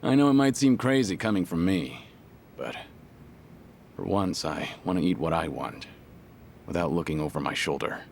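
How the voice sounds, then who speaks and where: A man's voice: low-pitched, expressive, moderate pace, creaky, long pauses, darkish tone, slight background noise. An actor playing a stoic, tough former yakuza man who speaks in a terse, reserved way. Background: game music.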